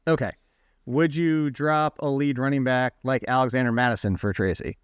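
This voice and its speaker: A man hosts a fantasy football podcast from a dry, close-miked spot, talking in a smooth, clear voice at an everyday pitch. He is chatty and animated and keeps tossing quick asides and questions to his co-host. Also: no echo. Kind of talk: casual podcast chat.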